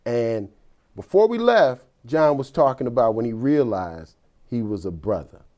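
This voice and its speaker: A man's voice: mid-range voice, lively intonation, a little slow, a little mellow. A man hosting an interview show, prompting his guest with short friendly interjections. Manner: friendly interjections, frequent "right". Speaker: talk show host.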